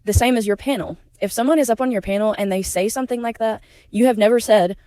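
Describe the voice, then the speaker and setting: A woman's voice: on the high side, fast talker, dark tone, dry recording. A woman giving blunt, indignant opinion commentary, emotional and outspoken about being a victim herself. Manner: indignant, blunt, swears when upset. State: emotional, near tears at times. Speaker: YouTube commentary creator.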